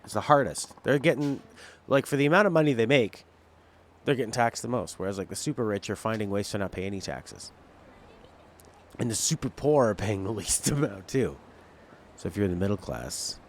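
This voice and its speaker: A man's voice: fairly low pitch, animated, a little fast. A male game streamer rambling through casual, opinionated, jokey commentary while he plays.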